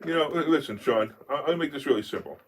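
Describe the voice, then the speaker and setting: A man's voice: mid-range voice, fast, husky. A man hosting a talk show, joking with his co-hosts in casual chat and restarting words as he gets going. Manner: animated, joking, restarts words when excited. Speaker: radio show host. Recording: voice distant from the mic.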